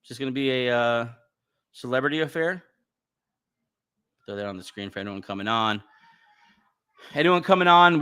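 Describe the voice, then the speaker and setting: Man, podcast host, casual livestream chat, bright and smooth voice, rambling. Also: medium pitch. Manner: rambling, chatty, with frequent fillers and restarts.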